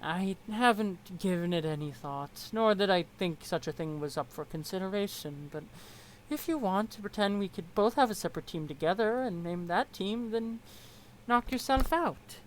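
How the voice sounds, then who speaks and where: A woman voicing an aloof teen troll boy with flat, curt, dismissive delivery. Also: mid-range voice, moderate pace, slight background noise, lightly acted, poor audio. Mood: deadpan.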